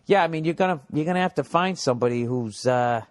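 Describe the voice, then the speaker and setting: Reading listener emails aloud just to mock them, a comedy podcast host rambles with profanity and sarcasm. His voice is a little high and a little cracked, and he talks at a quick pace.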